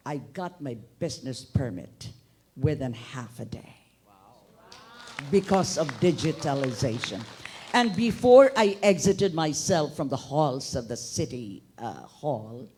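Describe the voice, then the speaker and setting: With a slightly high, darkish and somewhat rough voice, this middle-aged Boholano-accented man from Bohol, Philippines addresses a forum as an audience member. A newspaper manager, he makes public remarks in a conference hall, expansive and funny with bursts of emphasis.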